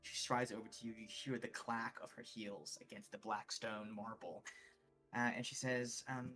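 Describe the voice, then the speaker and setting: A man narrating as game master for a tabletop game, pausing often with fillers. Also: lowish voice, little pitch movement, bright, forceful tone, faint music behind, low-quality recording. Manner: hesitant, many fillers.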